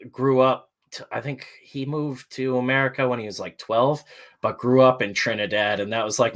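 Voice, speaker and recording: A man's voice: on the low side, fairly bright tone. A man hosting a casual morning stream chat, talking loosely and rambling, with lots of "uh" and the odd curse word. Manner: rambling and loose, with frequent "uh" and swearing. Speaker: stream host.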